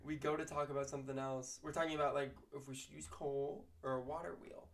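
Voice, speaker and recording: A woman, an elementary school teacher, telling class stories in a lively casual chat. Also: a bass voice, fast talker. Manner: lively storytelling, bursts of laughter.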